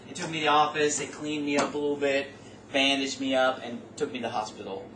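A man telling a personal story in a casual, animated way, rambling and correcting himself as he goes. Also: mid-range voice, fast. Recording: roomy, distant mic, faint background noise.

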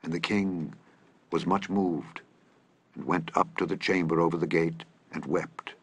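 Low, husky male scripture reader. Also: fairly even intonation, measured pace.

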